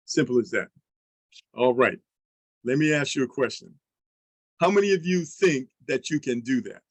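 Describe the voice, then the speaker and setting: A man leading an online sales training, coaching listeners with energetic questions and example pitches. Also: moderate pace, long pauses, breathy edge, no echo, low-quality recording.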